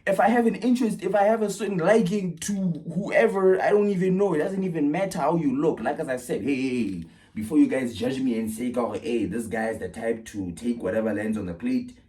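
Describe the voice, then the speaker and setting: A young man telling a casual storytime vlog, animated and swinging from loud bursts to low mutters. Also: brisk, hardly any pauses.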